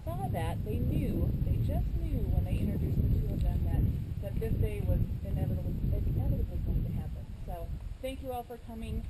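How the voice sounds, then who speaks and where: A woman's voice: medium pitch, lively intonation, brisk, very noisy. A woman speaking at a wedding ceremony in an emotional, heartfelt way. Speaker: wedding officiant.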